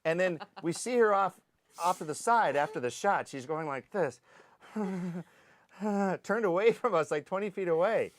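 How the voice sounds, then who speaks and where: A man, an actor, recalling a film shoot in animated anecdotes, acting out the sounds and voices of the people he describes. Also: sits high, moderate pace. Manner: lively storyteller who acts out sounds and voices.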